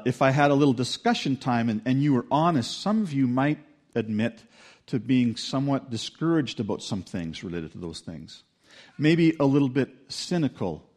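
A man giving a sermon, chatty and storytelling rather than formal. His voice sits at an ordinary middle pitch for a man. He often acts out what people said with lively shifts. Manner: conversational storytelling with lively acted-out quotes. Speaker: pastor.

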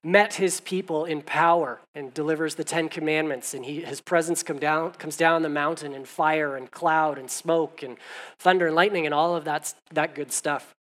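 A man preaching a sermon in a conversational way, growing animated as he reads scripture aloud. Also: fairly high pitch, normal speed. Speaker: pastor.

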